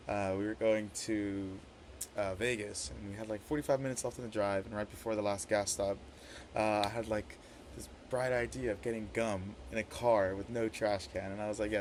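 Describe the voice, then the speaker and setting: A man's voice: on the low side, slight background noise. A young man practicing a wedding toast for his sister as brother of the bride, rambling with lots of fillers and restarts.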